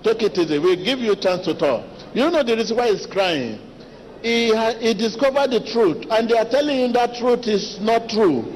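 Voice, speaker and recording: A man preaching a sermon as pastor, talking to the congregation directly, animated and repetitive. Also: very high voice, normal speed, slight background noise. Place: large church hall. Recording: long church reverb with faint ambience.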